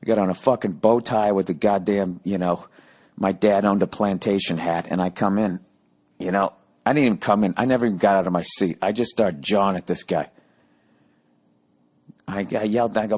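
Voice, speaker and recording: Low-voiced man ranting a comic story. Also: brisk, a little mellow, husky. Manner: ranting, sarcastic, heavy swearing, acts out both sides of arguments. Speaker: podcast host. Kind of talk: profane comic storytelling monologue.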